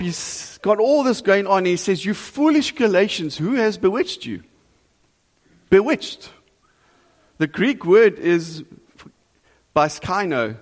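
A man preaching a sermon to a congregation, earnest and animated, asking the listeners direct questions. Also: a little high. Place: church hall before a congregation. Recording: long reverb of a large hall.

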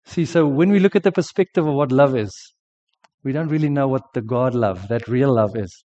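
Heard on a dull, lo-fi sermon recording, a South African pastor tells stories as he preaches, chatty and full of restarts. He speaks fairly quickly at medium pitch with a dark tone.

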